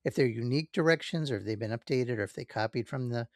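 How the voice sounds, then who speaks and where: Gravelly man on a dry mic. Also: medium pitch, fast, no echo. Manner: relaxed, rambling, many fillers and self-checks. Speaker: podcast co-host. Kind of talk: casual chat.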